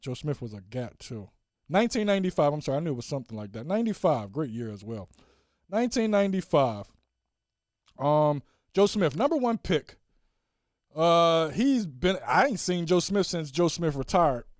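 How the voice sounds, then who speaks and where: Animated, profane solo podcast man. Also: normal speed, no echo, studio quality. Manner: animated, swings from loud exclaiming to low mutters; profane, slangy, repeats catchphrases. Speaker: podcast host. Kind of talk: solo casual rant.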